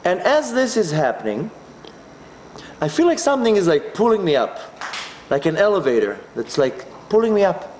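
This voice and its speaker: A man's voice: high voice, moderate pace, echoey room, a little hiss or hum. A man from Israel, telling a personal story as a talk and acting out his own inner voice. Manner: animated, acts out his inner voice. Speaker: speaker.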